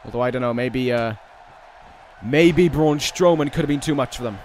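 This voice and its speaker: A man giving play-by-play commentary over a wrestling video game, with casual, rambling asides and restarts, and excited calls on big moves. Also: mid-range voice, normal speed, some chatter behind, slight background noise. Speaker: gaming video host.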